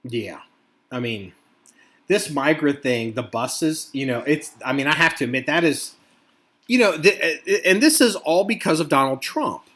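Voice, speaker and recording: A man's voice: fairly high pitch, unhurried. A man co-hosting a casual podcast, talking with a lot of swearing and acting out angry quotes. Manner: profane, animated, acts out angry quotes. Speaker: podcast co-host.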